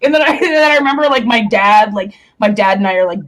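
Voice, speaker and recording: A woman's voice: medium pitch, lively intonation, a little fast. A young woman in casual chat, talking candidly and rambling, with lots of fillers and swearing. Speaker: stream co-host.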